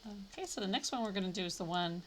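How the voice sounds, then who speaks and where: A woman's voice: medium pitch, quick pace, slight background noise. A woman streaming a game live, chatting casually and thinking aloud with sudden playful exclamations. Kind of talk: casual live gameplay commentary.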